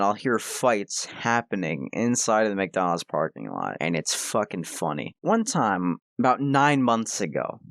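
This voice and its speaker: A young man telling a casual storytime vlog with lots of swearing and excitable outbursts. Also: lowish voice, no room sound, clean studio sound. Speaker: vlogger.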